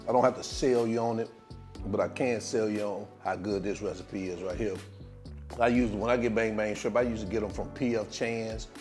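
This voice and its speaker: A man's voice: fairly low pitch, a little mellow. A man hosting a casual cooking video, talking viewers through the dish in a laid-back way and hyping the food. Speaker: cooking channel host.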